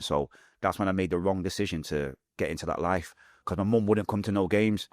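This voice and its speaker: Speaking with a Manchester accent, a man in his forties shares his life story candidly on a podcast, rattling through it with animation and voicing the people he quotes. His voice sits low, and the recording is dry and clean, studio grade.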